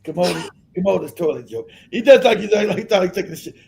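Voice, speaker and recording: A man with a high, gravelly voice trades casual jokes on a talk show. He riffs loosely, and sometimes he breaks into silly put-on voices to act out his point. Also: lively intonation, quick pace, darkish tone. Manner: joking, riffing, acting out silly voices. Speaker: co-host. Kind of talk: casual podcast banter.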